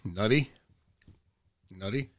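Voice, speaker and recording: A man's voice: lowish voice, slow pace, no room sound. A middle-aged man co-hosting a podcast, chatting and joking over a whisky tasting. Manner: joking, teasing, tells jokes with put-on voices. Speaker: podcast co-host. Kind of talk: casual chat, whisky tasting.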